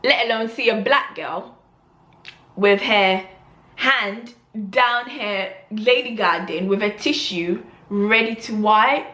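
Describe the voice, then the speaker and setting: A young woman vlogger telling an embarrassing story in an animated way, acting out the scene. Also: medium pitch, slow, reverberant. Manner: animated storytelling with loud gasping reenactments. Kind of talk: storytime vlog.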